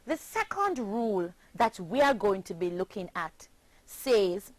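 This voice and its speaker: A woman teaching an English pronunciation lesson, spelling out words letter by letter in a slow, deliberate way. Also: medium pitch, no echo. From Jamaica.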